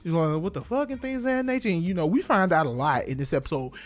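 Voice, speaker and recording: A young man casually reviewing an anime episode, with animated, slangy delivery. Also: a little high, quick pace, soft background music. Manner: animated, slangy, acts out scenes.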